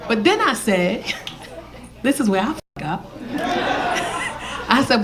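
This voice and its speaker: A middle-aged woman comedian works a live club, brash and profane as she tells stories and picks on the crowd. Her voice sits high and bright. Loud audience laughter rolls behind her on a handheld stage mic. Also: sing-song, slow pace, long pauses. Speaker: stand-up comedian. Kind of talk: stand-up set.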